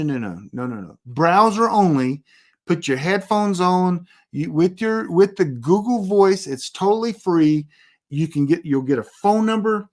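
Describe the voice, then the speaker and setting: Emphatic man with a higher voice. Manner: emphatic, repeats warnings, rambling asides. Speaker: presenter giving a privacy tutorial. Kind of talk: casual instructional talk.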